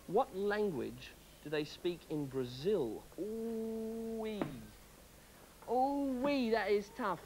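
A woman's voice: fairly low pitch, darkish tone, slight background noise, rough recording. Bubbly woman playing quizmaster. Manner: bouncy, chatty quizmaster patter. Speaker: pretend game show host. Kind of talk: playful game show role-play.

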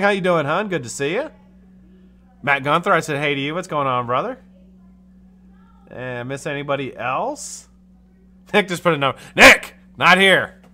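Male host from the US, chatty live-stream voice, bright tone, plenty of pitch swing, casual cussing. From United States. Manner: animated, chatty, swears casually. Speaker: livestream host.

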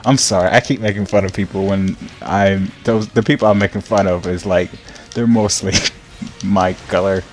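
A deep-voiced young man chats loosely over his gameplay, stumbling over his words and doubling them up. He laughs a lot and turns loud and excited when things go wrong on screen. Faint game music runs underneath. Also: normal speed. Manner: rambling, repeats words, laughs often, gets loud and excited when hit. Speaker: gameplay streamer. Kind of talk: casual gameplay commentary.

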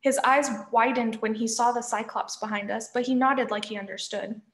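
A woman reading a novel aloud, narrating in a lively first-person voice, in an echoey room. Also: fairly high pitch, normal speed. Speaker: reader.

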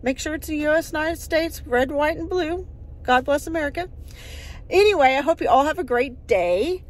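A woman's voice: sits high, animated, normal speed. A woman, chatting casually in her yard for a vlog, upbeat and rambling with lots of fillers. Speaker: vlogger.

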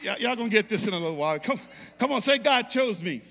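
A man preaching in a church with a high, bright, ringing voice. His delivery is fervent, and he repeats lines and urges the congregation to answer back. A long reverb trails off his words through the sanctuary. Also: animated, racing, creaky. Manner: fervent call-and-response preaching, repeats phrases. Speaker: pastor. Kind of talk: sermon.

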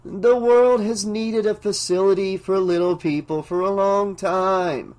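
A man reading aloud and voicing a delirious male bank clerk who talks in a calm, deferential but firm way. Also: high voice, a little slow, voice pushed up. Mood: dreamy, formal. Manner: dreamy, deferential yet firm.

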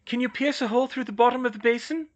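A man's voice: very high-pitched, lo-fi sound, pitched above the performer's own voice. A man voicing a clever teenage girl witch who fires off eager questions in an audiobook reading. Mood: inquisitive. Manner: eager, rapid-fire questions. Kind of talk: audiobook character voice.

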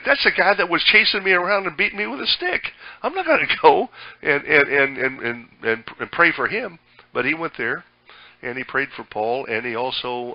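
A man's voice: mid-range voice, dry recording, highs cut off. A pastor preaching a sermon in a folksy, conversational way, often restarting his sentences.

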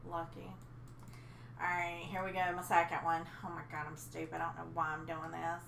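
Bright-voiced woman, dramatic and complaining. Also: on the low side, monotone, a little fast, creaky. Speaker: co-host. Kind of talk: casual gaming banter. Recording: roomy echo, faint noise.

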